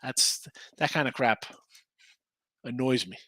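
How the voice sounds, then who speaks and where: Bright-voiced man ranting about betting lines. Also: mid-range voice, slow pace, dry recording. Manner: loose, ranting, talks straight to the chat. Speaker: sports betting show host. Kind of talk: casual live-stream chat reading viewer comments.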